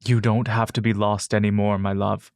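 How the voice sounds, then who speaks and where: A man voicing a tender adult man in a fantasy story, speaking softly and reassuringly. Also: lowish voice, little pitch movement, moderate pace, vocal fry, dry recording, clean studio sound.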